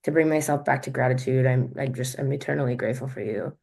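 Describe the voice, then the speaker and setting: Low-voiced woman, rambling testimonial. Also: steady tone, fast, creaky, dark tone. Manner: rambling, many restarts and "like". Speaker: coaching client. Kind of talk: casual heartfelt testimonial.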